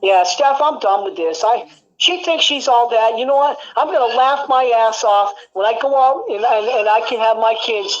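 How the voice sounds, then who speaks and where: A woman's voice: on the high side, moderate pace, lo-fi sound. A woman angrily venting in a casual conversation at home, swearing often and full of fillers. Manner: angry, profane venting, many fillers.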